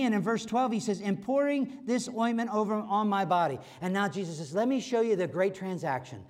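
A man preaching a sermon as pastor, animated and acting out quoted voices. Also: sits high, fairly quick, few pauses. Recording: long hall reverb.

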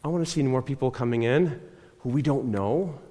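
Pastor telling a story in a reverberant church. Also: male voice, mid-range voice, moderate pace, mellow. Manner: storytelling, repeats himself, often checks with "right?". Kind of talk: conversational sermon.

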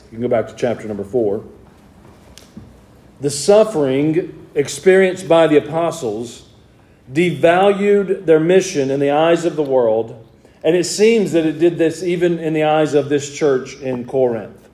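A man preaching in an echoey church, his voice a little higher than most men's but mellow in tone. He reads old scripture aloud and then explains it to his congregation in plain talk. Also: lively intonation, a little slow. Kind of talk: evening sermon with scripture reading.

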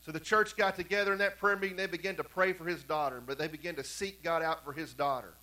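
A man preaches from the pulpit of a church, his voice high and notably bright. He tells long stories, dropping to near-whispers for quiet moments and rising again to drive home repeated points. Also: fairly even intonation, quick pace, low-quality recording. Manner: storytelling preacher, swings from hushed to emphatic. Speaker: pastor. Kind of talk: sermon. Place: church sanctuary.

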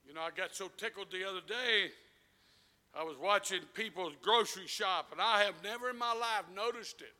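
A man preaches in a very high, sharp, ringing voice, trading quiet asides for stretched-out shouted lines. His sermon carries the long reverb of a big church hall. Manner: impassioned preaching with shouted peaks and drawn-out phrases.

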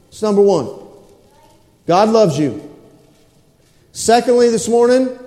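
High-voiced pastor preaching in an echoing hall. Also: male voice, lively intonation, a little slow, long pauses, warm tone. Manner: preaching with repetition and call-and-response. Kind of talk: sermon. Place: church sanctuary. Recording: roomy echo with long reverb in a hall.

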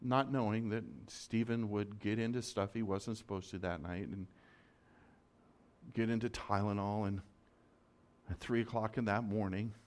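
A man preaching a sermon as a story, dramatic, moving from loud urgency to soft, hushed lines. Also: lowish voice. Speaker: pastor.

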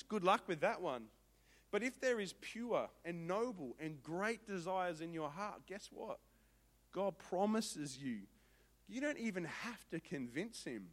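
Male pastor, 30s, high bright voice, animated storytelling sermon. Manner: animated, acts out quoted voices, rising to loud exclamations.

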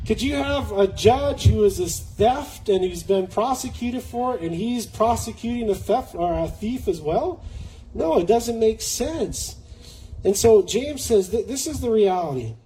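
A man preaching a sermon in an earnest way, slowing down to read scripture aloud and often restarting words. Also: sits high, animated, warm tone, a little hiss or hum, rough recording.

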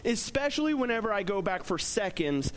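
A man's voice: high-pitched, very animated, a little fast, a bit bright. A young man giving a casual, joking sermon as a pastor, talking conversationally with plenty of fillers.

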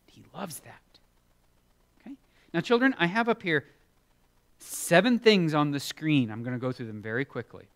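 A man giving a children's sermon, animated and expressive, acting out Bible characters in playful voices. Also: fairly high pitch, moderate pace, pauses often. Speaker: children's preacher.

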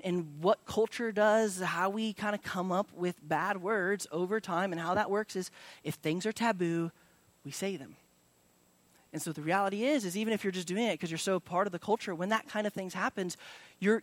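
A man's voice: sits high, no room sound. A young adult male pastor preaching a sermon in a casual, conversational way, with many fillers and restarts.

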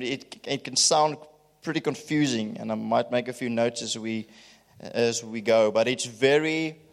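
A man preaching a sermon to a congregation, reading scripture with swings between loud emphasis and quiet asides. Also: medium pitch, gravelly, in a large hall. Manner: dramatic scripture reading, rising loud then dropping quiet. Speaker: pastor.

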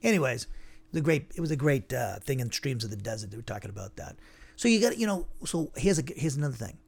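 A man's voice: medium pitch, big pitch swings, fast talker, vocal fry, darkish tone, breathy edge. A man teaching an informal Bible lesson, conversational and digressive, thinking aloud as he goes.

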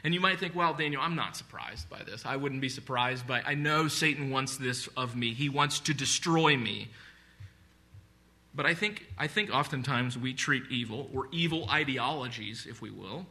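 A man's voice: medium pitch, normal speed, bright, forceful tone. A man preaching a sermon, speaking earnestly and conversationally with repeated phrases and asides. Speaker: pastor.

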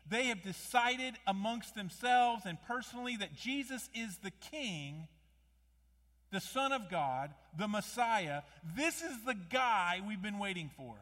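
A man preaching a sermon, animated, with many rhetorical questions, rising to loud emphasis and dropping low again. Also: unhurried. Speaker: pastor. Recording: long hall reverb.

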